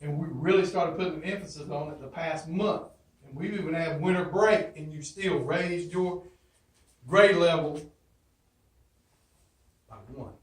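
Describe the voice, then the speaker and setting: A high-pitched man speaks to his class from a distance, his voice bouncing around a roomy classroom. He talks emphatically, drills catchphrases and throws questions back at his students. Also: unhurried, pauses often. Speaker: teacher. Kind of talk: motivational classroom talk. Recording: roomy echo, from far off.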